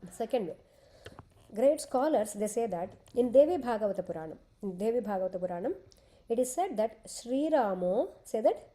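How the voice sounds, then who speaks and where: A woman's voice: fairly high pitch, expressive, brisk, mellow, rough recording. A woman, retelling an ancient epic as a class lesson, explaining patiently and often saying "okay". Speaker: scripture storyteller teaching a class.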